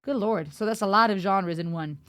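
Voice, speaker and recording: A young woman talks through her first impressions in a relaxed, chatty way, musing aloud and asking herself questions as she goes. Her voice sits in an ordinary middle register. The sound is dry and close, with no room around it. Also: medium pitch, brisk, no room sound. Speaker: reaction video host. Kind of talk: casual reaction chat.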